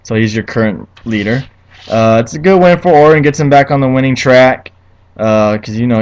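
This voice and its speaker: A young man talking casually into his own recording, running through a wrestling show and swearing freely as he goes. His voice sits at an ordinary middle pitch. He gets worked up and ranting, trips over his words and starts again. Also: poor audio. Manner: profane, ranting, easily heated. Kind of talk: casual solo review.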